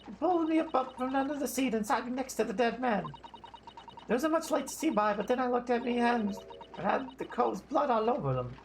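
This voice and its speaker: A man putting on a high Cockney street girl. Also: lively intonation, brisk, slight background noise, full character voice. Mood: frightened. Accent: put-on Cockney. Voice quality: sounds like a middle-aged woman. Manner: rough slangy telling with dropped grammar. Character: teenage Cockney street girl, tough and cagey. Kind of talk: game dialogue read aloud on a stream.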